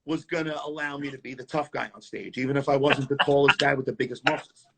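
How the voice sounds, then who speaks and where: A man with a New York accent, a tap dancer telling stories in a casual interview, animated and repeating words as he goes, on a video call. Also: mid-range voice, quick pace, creaky, heavy background noise.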